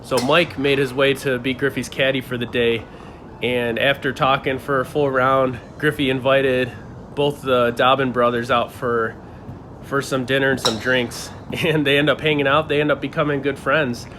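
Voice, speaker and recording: A young man telling an animated story. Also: medium pitch, moderate pace, a little hiss or hum. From Buffalo, New York area. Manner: animated, laughs often, acts out quoted lines with a raised voice. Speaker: channel host telling a story. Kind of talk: casual storytelling to camera.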